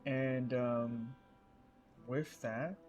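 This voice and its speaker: A man narrating as game master of a tabletop game, in a slow, relaxed way. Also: mid-range voice, soft background music.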